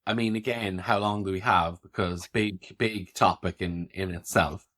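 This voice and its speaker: A man hosts a podcast conversation, asking curious questions and affirming what his guest says. His voice sits on the low side. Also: fairly even intonation, normal speed, fairly bright tone. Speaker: podcast host. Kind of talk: conversational interview.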